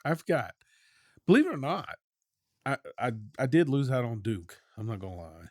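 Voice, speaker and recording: A man hosting a sports talk show, chatting casually with opinionated, quick back-and-forth banter. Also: medium pitch, big pitch swings, dry recording, studio quality.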